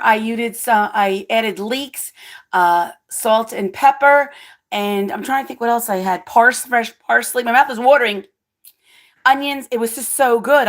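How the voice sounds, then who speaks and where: A woman hosting her own cooking vlog, chatting casually with viewers, excitable and always exclaiming and laughing. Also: a little high. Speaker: cooking vlogger and channel host.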